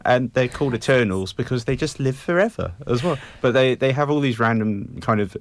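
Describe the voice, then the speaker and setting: A man's voice: mid-range voice, lively intonation, fairly quick. A man chatting eagerly and knowledgeably on a studio panel, often restarting his thoughts. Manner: enthusiastic, knowledgeable, trails off mid-thought. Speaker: film show panelist. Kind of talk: casual studio discussion.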